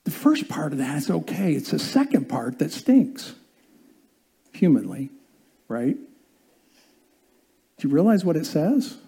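A man's voice: fairly high pitch, sing-song, unhurried, gravelly, long pauses, mellow, slightly rough. A male pastor preaching a sermon in a conversational way, often asking the congregation questions.

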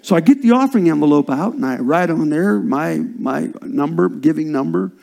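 An older man preaching a sermon as a pastor, swinging from loud, stressed phrases down to hushed whispers. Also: a little high, lively intonation, moderate pace, creaky.

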